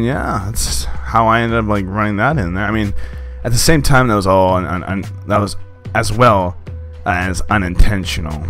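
Excitable young man, low voice, rambling. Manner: excitable, rambling, swears and laughs often. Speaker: gameplay commentator. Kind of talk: casual gameplay commentary.

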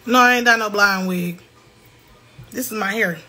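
A young woman ranting heatedly to her livestream viewers, loud, profane and repeating herself. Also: mid-range voice, moderate pace.

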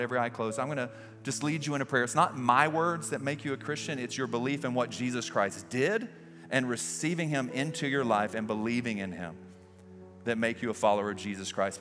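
A man's voice: mid-range voice, fairly bright tone, in a large hall. A man preaching as a pastor, leading an altar call and prayer in an earnest, pleading way inside a large church. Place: large church sanctuary with balcony.

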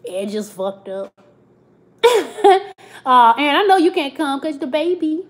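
A woman's voice: high-pitched, expressive, slow pace. A woman, chatting casually on a live stream, reading comments and laughing often. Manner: chatty, laughs often, Southern slang like "child" and "y'all".

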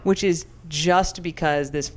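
A young adult woman co-hosting a podcast, telling stories in animated, casual chat full of fillers. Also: low voice, slow pace. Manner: animated, chatty storyteller with many fillers. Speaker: podcast co-host.

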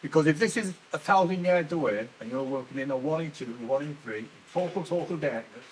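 An older man, a former miner guiding visitors through a museum, telling stories with lively energy and laughing at himself. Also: fairly high pitch, a little fast, a little hiss or hum, low-quality recording. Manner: animated storyteller, laughs at himself. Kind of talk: guided tour talk. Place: indoor mining museum.

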